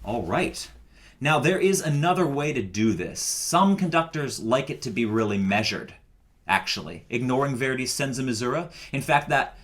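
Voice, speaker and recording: A man's voice: mid-range voice, fairly bright tone. Patient man leading a choir rehearsal. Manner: patient, step-by-step explaining. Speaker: choir director. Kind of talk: recorded choir rehearsal instruction.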